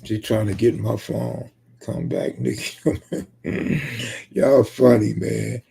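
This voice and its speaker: A man's voice: lowish voice, fairly even intonation, slow, gravelly, warm tone, breathy edge. A man from California, live streaming and casually reading viewer comments aloud, bantering back with joking, profane remarks.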